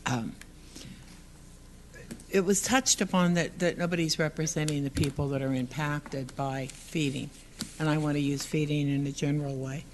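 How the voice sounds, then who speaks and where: Woman, public commenter at a council podium, earnest and halting, with faint room noise. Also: deep voice, fairly even intonation. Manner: earnest, halting, rambling with restarts. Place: council chamber.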